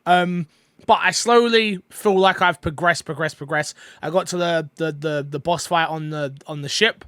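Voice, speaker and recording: A man co-hosting a casual podcast chat, rambling and excitable with lots of fillers, eating while he talks. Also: on the high side, normal speed, clear, resonant tone, no room sound. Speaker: podcast co-host.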